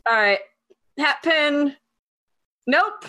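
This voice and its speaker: A woman's voice: high voice, lively intonation, very slow, pushed and bright. A woman playing a tabletop game, giggling and teasing the others. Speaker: player. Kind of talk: casual tabletop play.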